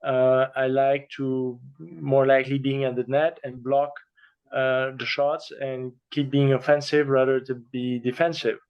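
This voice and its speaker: Slow-talking man, dull lo-fi sound. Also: medium pitch, little pitch movement, clean tone. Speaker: guest, padel player. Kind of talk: casual interview answers.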